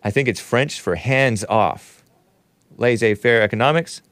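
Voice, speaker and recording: A male talk show host riffing casually on a livestream, reading chat comments, laughing often and jumping up in pitch when mock-surprised. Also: unhurried, fairly bright tone, no echo.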